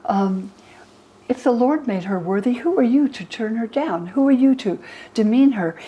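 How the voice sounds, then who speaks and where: A woman's voice: fairly high pitch, animated, moderate pace, breathy edge, muffled recording, voice pushed up. An older woman voicing Andrew, a male disciple who rebukes his brother in a reproachful manner.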